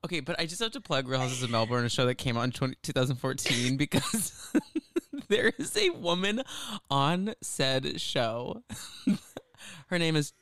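In a dry recording, a man with a mid-range voice speaks at a measured pace. As a podcast co-host telling a story in casual conversation, he's lively and giggly, repeatedly dissolving into laughter.

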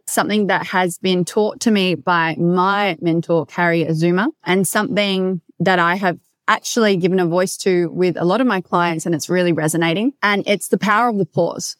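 An Australian woman hosting a casual solo podcast, loud and animated, swearing freely as she tells stories and coaches. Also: mid-range voice, no room sound, studio quality.

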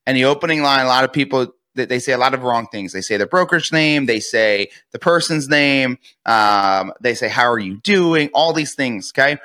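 A man's voice: medium pitch, moderate pace, hardly any pauses, sharp tone. A man, a real estate coach, speaking as a podcast guest and energetically acting out sales call scripts.

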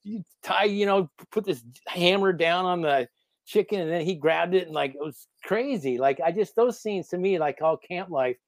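A man guest on a podcast, telling rambling, animated stories in a casual interview. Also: high voice, moderate pace, dry recording. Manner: animated, rambling anecdotes with lots of fillers. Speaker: podcast guest, former reality show contestant.

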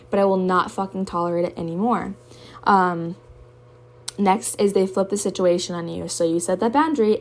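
Emotional young woman's candid monologue. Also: medium pitch. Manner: emotional, candid, swears often. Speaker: podcast host. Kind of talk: personal monologue.

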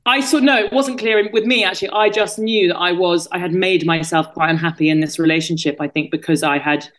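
A woman's voice: fairly low pitch, a little fast, fairly bright tone. A woman with an English accent, a podcast guest talking frankly and self-deprecatingly in casual conversation. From England. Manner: candid, self-deprecating, laughs at herself.

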